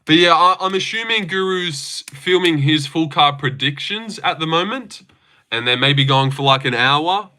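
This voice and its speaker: Sarcastic guy on a livestream, bright slightly high voice, rambles and swears at his chat. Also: lively intonation, normal speed, smooth. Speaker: livestream host. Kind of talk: casual livestream chat reading viewer comments.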